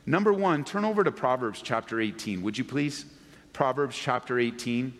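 A man's voice: medium pitch, expressive, normal speed, a bit bright, long reverb tail. A man preaching a sermon as pastor, emphatic, repeating key phrases and asking the congregation rhetorical questions. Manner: addresses the congregation directly.

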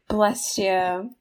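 A young woman, chatting casually on a podcast in a laid-back, teasing way. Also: mid-range voice. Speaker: podcast co-host. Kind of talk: casual chat.

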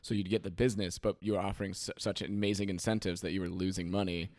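A man's voice: sits low, flat delivery, fast talker, a little mellow, no echo. A man hosting a casual podcast chat, rambling and joking with many fillers. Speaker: podcast host.

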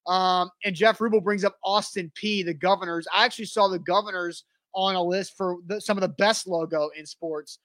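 A sports talk host with a fairly high voice, running through sponsor copy and listener picks in a loose, chatty way. His voice sits close and dry on the mic, with no room sound around it. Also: fairly even intonation, moderate pace, hardly any pauses, a bit bright, dry recording. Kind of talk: casual sports radio chat.

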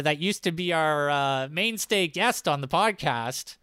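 A man co-hosting a casual podcast and running a game, animated and prone to excited outbursts. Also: a little high, a little slow, hardly any pauses, clean tone. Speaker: podcast co-host and game master.

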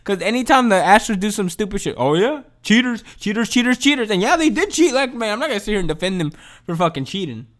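Podcast host, male. Pitched a bit high, cusses freely, rambles, and swings between mumbling and loud fired-up bursts. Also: fast talker. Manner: profane, rambling, swings from mumbling to excited outbursts. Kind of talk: casual solo podcast rant. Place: home.

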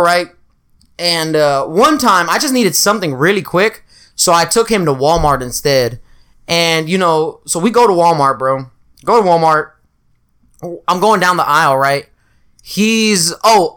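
A man telling crude, animated stories in a casual chat with a friend. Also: high voice, moderate pace, clean tone.

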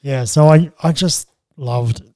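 A man co-hosting a casual film chat, relaxed and bantering. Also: mid-range voice, takes it slowly, no room sound. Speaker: podcast co-host.

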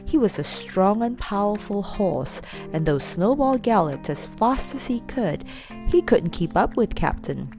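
A woman reading a children's storybook aloud in an expressive way. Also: medium pitch, unhurried, music in the background.

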